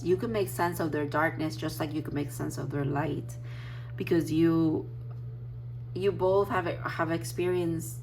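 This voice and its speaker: A woman's voice: lowish voice, slight background noise, low-quality recording. A woman giving a casual tarot reading, rambling and emotional, with many fillers and restarts. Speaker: tarot reader.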